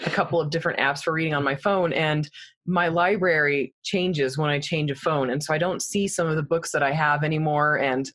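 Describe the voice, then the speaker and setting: A woman's voice: low voice, steady tone, fairly quick, a bit bright. A woman co-hosting a casual podcast, chatty and easygoing, asking about publishing strategies. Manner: chatty, laughs easily.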